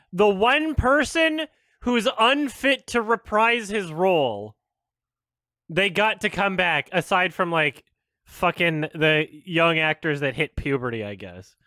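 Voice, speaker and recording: A man's voice: on the high side, unhurried, pushed and bright, no room sound. A man giving exasperated, swearing stream commentary as a film critic, laughing often.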